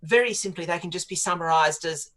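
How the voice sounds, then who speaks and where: A woman's voice: on the low side, brisk, fairly bright tone. A woman, a political commentator arguing her views at length in a radio interview, articulate and opinionated. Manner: articulate and opinionated, long flowing arguments. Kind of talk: studio interview on talk radio.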